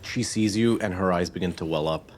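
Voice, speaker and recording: A man narrating a tabletop game as game master, calm and measured in his descriptions. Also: low-pitched, a little hiss or hum.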